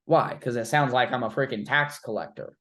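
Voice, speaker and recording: A man's voice: mid-range voice, animated, brisk, sharp tone. A man coaching a trainee through cold-call role-play, blunt and informal, with the odd swear word. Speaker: recruiting coach.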